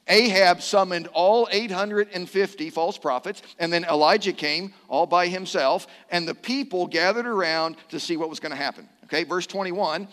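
A man with a high, bright-edged voice preaches to his congregation, reading scripture aloud and joking with them between verses. His delivery is lively and playful. The sound carries a long hall reverb. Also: moderate pace. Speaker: pastor. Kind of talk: sermon with responsive reading.

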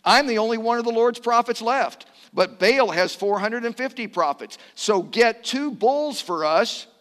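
A man reading a defiant male prophet's lines aloud in a sermon, declaiming them loudly. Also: lively intonation, unhurried, long reverb tail, heavily acted. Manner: declaiming, louder and higher.

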